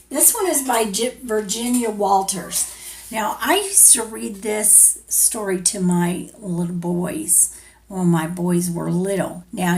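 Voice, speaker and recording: A female teacher reads a picture book aloud to young children in a gentle, playful manner. She goes very slowly, her lively pitch rising and falling with each question she puts to them, and there is some vocal fry and slight background noise.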